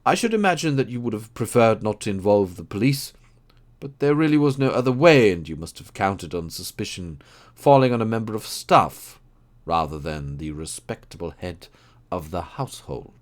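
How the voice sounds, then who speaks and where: A man's voice: fairly low pitch, animated, moderate pace, voice pushed up, natural voice. A man reading an audiobook, voicing a keen, precise male detective who explains his deductions. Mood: assured. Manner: crisp, assured, explaining.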